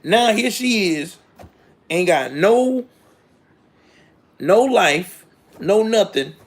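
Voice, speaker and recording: A man in his late thirties hosts a live commentary show, ranting in casual, slangy talk that climbs into indignant outbursts. His voice sits high, with lively intonation and drawn-out words.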